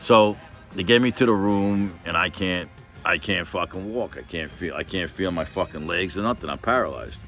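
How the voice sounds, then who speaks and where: Deep-voiced man telling a raw story. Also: normal speed, fairly bright tone, soft background music. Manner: profane, rambling, emotional, full of fillers. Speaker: vlogger telling a personal story. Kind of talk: casual storytelling monologue.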